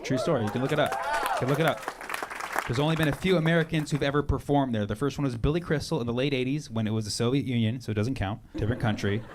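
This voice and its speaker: Rapid-fire and medium-pitched, a male stand-up comic tears through a brash, profane set, bantering with the audience. The roomy live club recording carries crowd noise and audience laughter.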